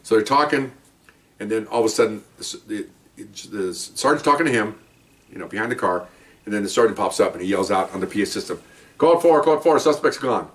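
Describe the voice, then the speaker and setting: Excited former cop telling war stories. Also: male voice, lowish voice, fast, far from the mic. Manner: animated, acts out quotes with rising voice. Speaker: retired police officer telling stories. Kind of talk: casual storytelling.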